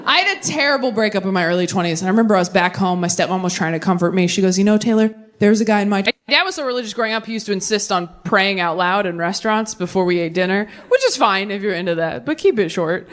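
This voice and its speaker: A young adult woman doing a stand-up set with crowd work, animated and self-deprecating, with quick asides. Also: medium pitch. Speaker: stand-up comedian. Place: theater stage with live audience.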